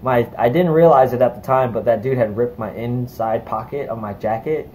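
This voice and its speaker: A young man tells a story in a casual vlog, heated and profane, with many fillers as he rushes through it. His pitch sits in the middle of the range. A faint hiss runs behind him. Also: mellow, low-quality recording. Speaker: vlogger.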